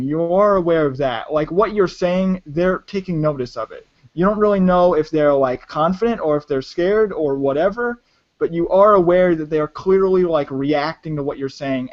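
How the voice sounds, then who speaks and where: A man narrating as game master of a tabletop game, talking hesitantly with many restarts. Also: sits high. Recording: dull lo-fi audio.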